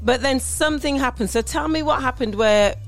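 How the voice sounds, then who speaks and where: A woman's voice: sits high, brisk, soft background music. A woman hosting a faith talk show, interviewing a guest in an emotive, encouraging way. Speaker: show host.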